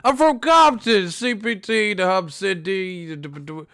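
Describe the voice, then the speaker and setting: A man impersonating a slow, mock-tough older comedian. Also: sits high, vocal fry, sharp tone, clear, resonant tone, voice pushed up, exaggerated voice. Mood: mock gangster. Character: older male comedian impression, posturing as a street gangster.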